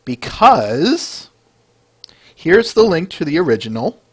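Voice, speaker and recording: A podcast host chats casually and enthusiastically about fan art, full of fillers and laughs. His voice is fairly high, very animated, and slow, with a breathy edge.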